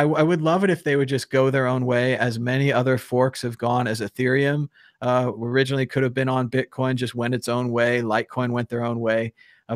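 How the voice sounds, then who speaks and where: A man's voice: mid-range voice, dry recording, clean studio sound. Opinionated man hosting a call-in show. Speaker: talk show host. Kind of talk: casual live call-in discussion.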